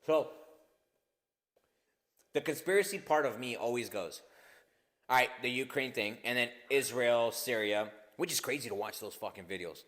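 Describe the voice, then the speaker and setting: A man's voice: mid-range voice, moderate pace, pauses often. Rambling, profane man chatting on a podcast. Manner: rambling, profane, animated storytelling with laughter. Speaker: podcast co-host. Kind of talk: casual comedic chat.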